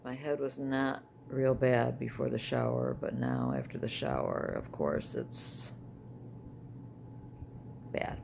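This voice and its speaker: An older woman chats into her camera at home in a loose, rambling vlog, circling back and restarting her sentences. Her voice carries a gravelly, creaky edge, with a faint hiss of background noise under it. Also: extremely low pitch, big pitch swings, slow, long pauses, a little mellow. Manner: rambling, conversational, with trailing restarts. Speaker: vlogger. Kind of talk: casual personal health vlog.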